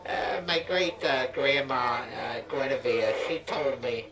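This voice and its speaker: A man's voice: medium pitch, takes it slowly, a crowd in the background, low-quality recording. A man playing a crude, boastful male lawyer who rambles with profane swagger.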